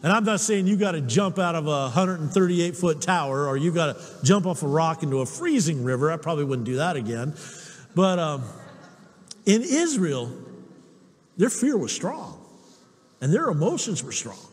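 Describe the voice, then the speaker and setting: A man preaching a sermon, telling personal stories in an animated way and chuckling often. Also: a little high, normal speed, husky, big-room sound. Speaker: pastor.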